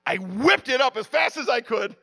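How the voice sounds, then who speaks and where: A man preaching, telling a lively personal story with sound effects and frequent restarts. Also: very high voice, moderate pace, creaky. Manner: drops to a hushed, prayerful tone at the close.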